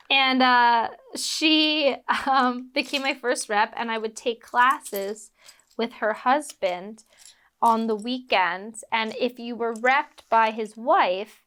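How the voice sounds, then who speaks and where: A woman's voice: fairly high pitch, sharp tone, clean tone. A woman from Philadelphia, a guest actress chatting casually while building bricks, rambling with lots of fillers and laughing at herself when she gets distracted. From Philadelphia, United States.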